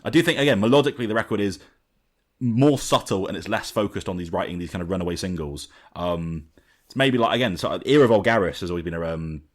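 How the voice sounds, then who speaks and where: A man's voice: low-pitched, fast. A man hosting a podcast, chatting casually and animatedly about an album with many fillers and restarts. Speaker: podcast host. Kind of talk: casual album review chat.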